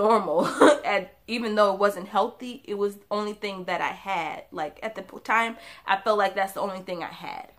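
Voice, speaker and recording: A woman's voice: mid-range voice, fairly bright tone. A young woman vlogger telling a painful personal story to camera in a candid, confiding way, with laughs breaking in between the sad parts.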